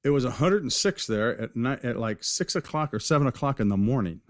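A man's voice: mid-range voice, expressive, a little fast, no room sound, clean studio sound. A man from California, a knifemaker guest, telling long rambling stories in a casual interview, full of fillers and restarts. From California, USA.

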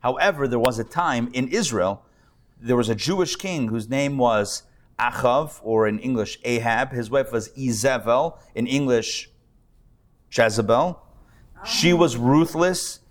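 Chatty rabbi lecturing a live class. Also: male voice, medium pitch, lively intonation, normal speed. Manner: conversational, many restarts and repeated words; wry humorous asides. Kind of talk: live adult-education lecture. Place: live lecture before an audience.

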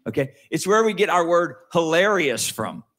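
A man preaching a sermon in a conversational way, slowing down and rising to stress key words, then dropping low for asides. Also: sing-song. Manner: conversational with wide swings in pitch and loudness, slows to stress key words. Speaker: pastor.

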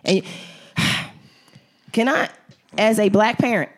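A middle-aged woman co-hosting a casual TV review podcast, blunt and animated, acting out the characters' lines as she talks. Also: medium pitch, drawn-out words. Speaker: podcast co-host.

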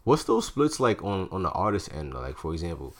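A man hosting a casual podcast interview, asking questions in a quick, slangy, conversational way. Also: sits low, sing-song. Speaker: podcast host.

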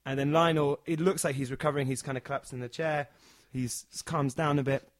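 A man telling a funny story in a casual chat, animated and acting out the people in it. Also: medium pitch, a little fast, dry recording. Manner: animated, acts out the characters.

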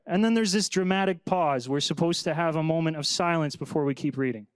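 A young man preaching a sermon with a fairly high, smooth and clear voice. He talks to the congregation casually and reads scripture with dramatic flair. The sound is dry and close. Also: brisk, no room sound. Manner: animated, conversational preaching with dramatic scripture reading. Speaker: pastor.

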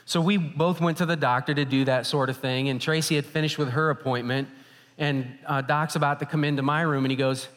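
A male pastor preaching a sermon, telling stories in a lively, animated way. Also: on the high side, brisk. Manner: animated storytelling. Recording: hall reverb.

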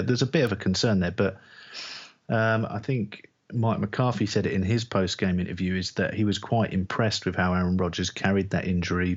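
A man co-hosting a casual sports podcast, giving measured, plain-spoken analysis. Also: low-pitched, highs cut off. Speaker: podcast co-host.

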